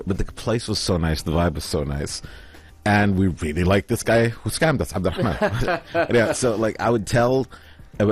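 A man telling a travel story in casual chat, acting out the other people's lines in lively voices. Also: sits low, husky.

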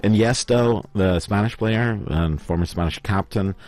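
A man's voice: on the low side, measured pace, a little mellow. A man from Oman who co-hosts a radio show, telling rambling anecdotes in a casual, chatty way with many fillers. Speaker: radio host.

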